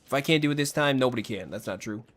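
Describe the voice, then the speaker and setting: Guy streaming a shooter, chatty and jokey, voice bouncing all over in pitch. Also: animated, very fast, a bit bright. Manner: chatty, jokey, talks to viewers directly. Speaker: game streamer. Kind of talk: casual livestream chat over gameplay.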